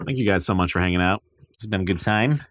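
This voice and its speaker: A man's voice: low voice, fast, fairly bright tone, no echo, clean studio sound. A tired man streaming games, chatting casually and swearing freely. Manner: laid-back, swears freely. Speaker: game streamer. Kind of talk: casual livestream chat.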